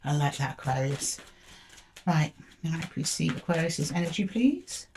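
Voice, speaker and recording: A woman's voice: sits low, steady tone, normal speed, gravelly, darkish tone, slight background noise. A woman doing a tarot reading to camera, talking casually and directly to the viewer and asking aloud for each card. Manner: chatty, talks straight to the viewer, asks aloud for each card. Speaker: tarot reader.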